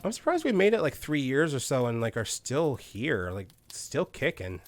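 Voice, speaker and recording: A man talks through a live game stream with a desk mic, his pitch bouncing up and down as he goes. He swears casually and snaps orders at his on-screen characters. Soft game music plays underneath. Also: wildly swooping pitch, moderate pace. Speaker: streamer playing a colony sim game.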